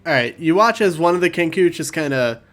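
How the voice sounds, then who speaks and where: A man's voice: a little high, lively intonation, fairly quick, a bit bright. A laid-back man narrating a tabletop game as game master, laughing easily.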